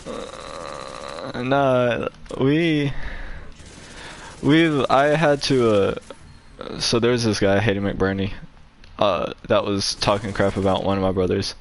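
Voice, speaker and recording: A young man who hosts a gaming channel tells a story in casual chat, rambling, leaning hard on "like" fillers and laughing often between lines. His voice sits on the low side and is gravelly, with lively intonation and an unhurried pace. There's a little hiss or hum in the audio.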